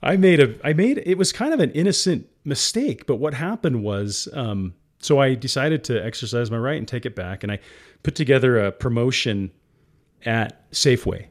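A man's voice: medium pitch, expressive, normal speed. A man guest in an interview, candidly recounting a hard business moment, getting teary and laughing often. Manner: emotional, laughs often, calls the host "guy". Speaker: guest entrepreneur.

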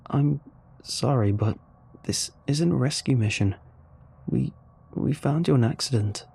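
Man playing an excited nervous operator, raised voice, stammering, gravelly undertone. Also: mid-range voice, a little slow, pitched above the performer's own voice, heavily acted. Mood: apologetic. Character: nervous, eager male human radio operator.

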